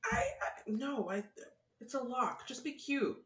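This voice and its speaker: Wry, lively woman in a roomy space. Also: sits high, unhurried. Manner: wry, joking, expressive. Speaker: podcast co-host. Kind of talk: casual chat. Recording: roomy echo.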